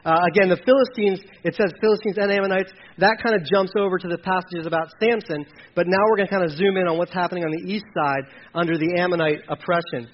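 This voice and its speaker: A man teaching a sermon in a high voice, talking through scripture in a loose, conversational way with frequent fillers and restarts. The recording is dull and muffled, with a faint hiss underneath. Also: fairly even intonation, quick pace, few pauses. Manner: conversational, reads verses aloud, many fillers and restarts. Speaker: preacher.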